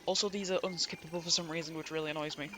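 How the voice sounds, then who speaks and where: A man's voice: on the high side, steady tone, very fast, bright, forceful tone, soft background music. A man with an English accent giving casual, rambling, jokey commentary over a game playthrough. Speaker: gameplay streamer. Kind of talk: casual let's-play commentary.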